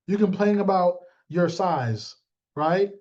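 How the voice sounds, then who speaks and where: High-voiced blunt motivational man, lo-fi. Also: lively intonation, measured pace, darkish tone. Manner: blunt, joking, calls on listeners by name, acts out dialogue. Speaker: team leader coaching sales agents. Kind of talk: motivational talk to a live team.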